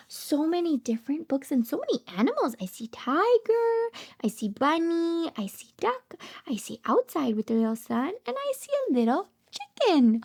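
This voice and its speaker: Very high-pitched, sing-song woman reading to toddlers. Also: normal speed. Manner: animated sing-song with frequent gasps and hushed asides. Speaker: speech therapist. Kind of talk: children's picture-book read-aloud.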